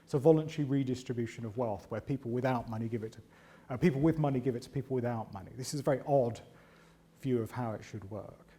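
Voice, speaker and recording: A man giving a conference talk, chatty and animated, with self-deprecating humour and frequent asides of "right?". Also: medium pitch, fast talker. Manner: animated and chatty, often tags lines with "right?". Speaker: conference speaker.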